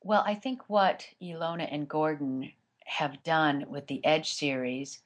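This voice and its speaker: A woman's voice: deep voice, steady tone, unhurried. A woman audiobook narrator answering interview questions in a chatty way, with many fillers and restarts.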